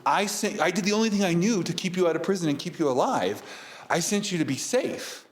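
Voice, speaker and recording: A man's voice: high-pitched, lively intonation, brisk, voice pushed up. A man voicing a protective older brother who pleads earnestly in a raised voice. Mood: pleading.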